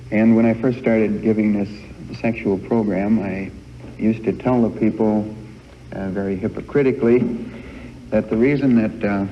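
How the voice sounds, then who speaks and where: A man giving a frank family life lecture to a live group, folksy and halting, recorded on worn old reel-to-reel tape in a hall. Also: lowish voice, muffled recording, slight background noise. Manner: folksy, halting with many uh fillers.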